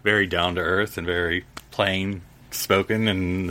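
A man's voice: low-pitched, little pitch movement, unhurried, bright, forceful tone. A man co-hosting a podcast, chatting casually and rambling with lots of fillers. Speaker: podcast co-host. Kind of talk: casual chat.

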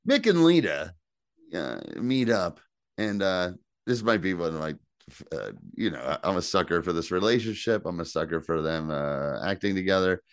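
A man's voice: low-pitched, animated, moderate pace, clean tone, no echo. Man chatting casually with a dry sound. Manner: loose and profane, reads listener reviews aloud. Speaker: podcast co-host. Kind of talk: casual chat reviewing a TV episode.

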